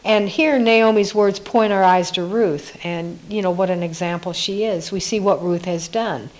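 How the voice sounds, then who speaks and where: A woman's voice: mid-range voice, steady tone, normal speed, low-quality recording. Musing woman teaching a Bible devotional. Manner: reflective, musing, with frequent soft laughs.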